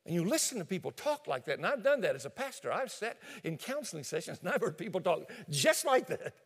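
A male pastor preaches a sermon, telling stories and speaking straight to his listeners. His voice is high and lively, swooping up and down in pitch. It rings with a long reverb, as in a church hall. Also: a little fast, gravelly, slightly rough. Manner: animated storytelling, addresses listeners directly.

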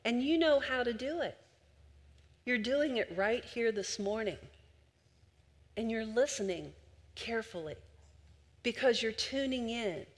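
A woman's voice: on the high side, lively intonation, measured pace, long pauses, big-room sound. An older woman preaching a sermon, telling stories conversationally and speaking directly to the congregation. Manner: warm conversational storytelling, addressing the congregation directly.

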